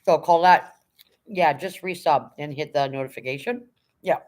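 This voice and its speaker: A middle-aged woman hosting a casual livestream, with a fairly low voice. She reads viewer comments aloud and greets people one by one in a chatty, unhurried way. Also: darkish tone. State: emotional, near tears when talking about her late dog. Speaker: livestream host reading chat.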